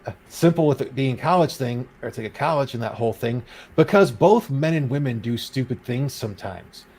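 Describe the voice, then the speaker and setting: A man's voice: medium pitch, expressive, fairly quick, a little mellow, husky, rough recording. Man ranting on a casual podcast. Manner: ranting, reads out quotes with sarcasm. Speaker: podcast host.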